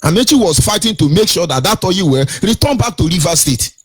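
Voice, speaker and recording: A man's voice: high voice, lively intonation, fairly quick, slightly rough. A man with a Nigerian accent hosting a radio show, giving indignant commentary with repeated rhetorical questions and a sing-song lilt. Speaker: radio host.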